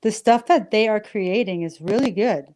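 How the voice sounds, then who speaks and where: A woman from Canada, a singer-songwriter guest, telling stories in a giggly, animated way during a casual interview. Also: medium pitch, moderate pace.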